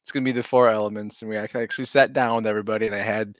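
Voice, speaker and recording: A man's voice: fairly low pitch, steady tone, very fast, no echo, lo-fi sound. A man co-hosting a casual podcast, easygoing and rambling, chuckling as he talks. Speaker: podcast co-host. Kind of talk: casual chat.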